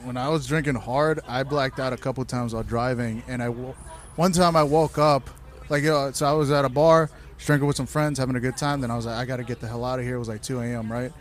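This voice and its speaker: Speaking quickly at a medium pitch, this man chats casually and tells animated, profane tales of wild nights. It's loose, anecdotal storytelling.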